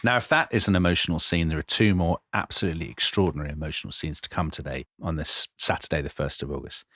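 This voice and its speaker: A man co-hosting a podcast, telling history in a lively conversational way and acting out quoted lines. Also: very deep voice, quick pace, slightly rough, no room sound, studio quality. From Britain. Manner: animated, dramatizing quotes with voice changes. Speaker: podcast co-host.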